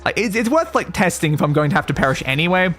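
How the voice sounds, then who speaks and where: Young Aussie male streamer, high voice with big swings, chatty self-coaching play-by-play. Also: lively intonation, quick pace, a bit bright, faint music behind. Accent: Australian. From Australia. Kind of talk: casual gameplay commentary.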